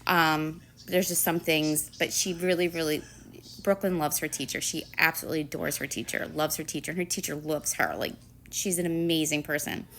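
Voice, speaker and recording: A woman retelling a story about her child's school day in a casual, rambling way, full of fillers and quick turns into quoted voices. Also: deep voice, steady tone, fairly bright tone, slight background noise. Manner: chatty, rambling retelling full of "you know" and "like"; slips into quoted voices for others. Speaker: parent telling a school story.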